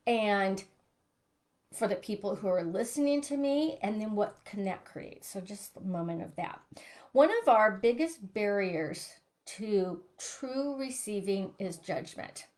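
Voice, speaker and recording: A woman's voice: medium pitch, a little mellow. A middle-aged woman coaching listeners on money mindset, earnestly asking reflective questions. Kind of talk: live coaching broadcast.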